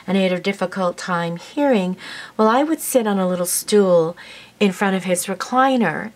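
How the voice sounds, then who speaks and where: A woman vlogger telling a heartfelt personal story to her viewers in a casual, rambling way, with many fillers and an emotional, sometimes tearful tone. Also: mid-range voice. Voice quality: warm, emotional, tearful at times.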